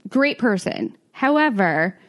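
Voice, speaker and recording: A young adult woman with a medium-pitched voice speaks slowly on a muffled recording. She co-hosts a podcast and tells a story in casual chat, laughing often and acting out what people said like an animated storyteller.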